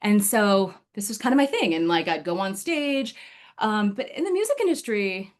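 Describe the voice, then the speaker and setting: A woman's voice: medium pitch, sing-song, normal speed. A woman giving a personal storytelling speech to her speaking club over a video call, chatty and full of fillers, often laughing.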